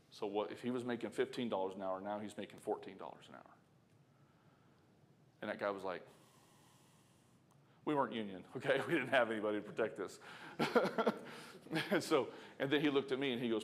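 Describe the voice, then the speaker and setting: A man's voice: fairly low pitch, fairly quick, pauses often, slight background noise. A man preaching in a church, telling a work story in a casual, chuckling way and talking straight to the congregation. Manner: conversational, chuckling, talks to the congregation. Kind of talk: storytelling sermon. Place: church sanctuary.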